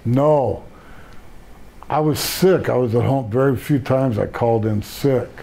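Gravelly older man telling wrestling stories. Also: mid-range voice, a little slow, mellow. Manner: rambling storyteller, frequent restarts. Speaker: retired pro wrestler, guest. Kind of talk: casual career interview.

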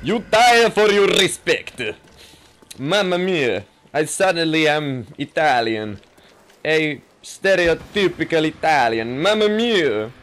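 A man's voice: sits high, expressive, a little slow, hardly any pauses, a bit bright, soft background music, pitched above the performer's own voice. A man putting on a hammy stereotypical Italian. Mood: exclaiming. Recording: noisy game audio behind.

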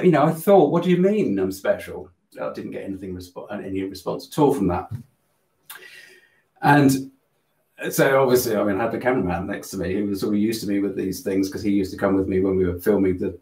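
A man telling a spiritual story in a live Q&A, earnest and animated, often restarting his sentences. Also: mid-range voice. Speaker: host of a spiritual channel. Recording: roomy echo.

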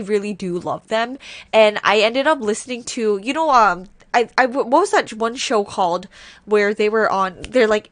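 Gushing, excitable woman reacting. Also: a little high, dry recording. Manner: gushing, excitable, swears often, says "like" and "oh my god" a lot. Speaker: reaction video creator. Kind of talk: casual reaction commentary. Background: faint music video playing.

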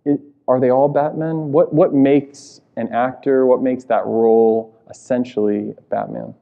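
A man's voice: medium pitch, fairly even intonation, measured pace, creaky, phone-quality sound. A male priest hosting an interview. He asks casual questions and keeps affirming with short "mm-hmm"s and "right"s.

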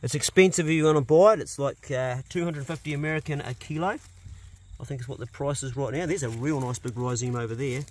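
A man's voice: mid-range voice, quick pace, a little mellow, a little hiss or hum. A man, a farmer talking casually and bluntly to a phone camera outdoors, swearing freely. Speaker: farmer vlogger. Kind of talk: casual walk-and-talk vlog. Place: outdoors on a farm.

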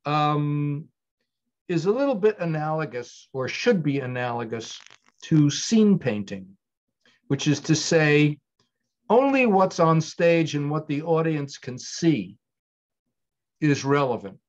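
A man's voice: a little high, big pitch swings, slow pace, highs cut off. Older man, digressive thoughtful answers. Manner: thoughtful, digressive, with many restarts. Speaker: guest writer-director. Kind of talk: conversational interview answers.

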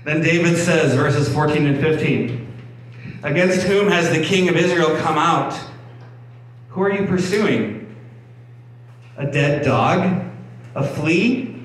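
A man's voice: a little high, a little slow, pauses often. A male pastor giving a sermon, reading scripture and explaining it conversationally, often restarting and repeating words. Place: church hall. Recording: echoey room, mic at a distance, faint background hum.

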